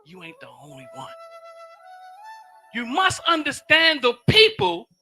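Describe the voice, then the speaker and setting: High, bright-voiced man preaching passionately. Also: huge pitch swings, a little slow, vocal fry, faint music behind. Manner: swings from loud shouts to low murmurs; casual, preacherly, repeats phrases. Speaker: speaker giving a teaching. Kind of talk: impassioned sermon-style talk.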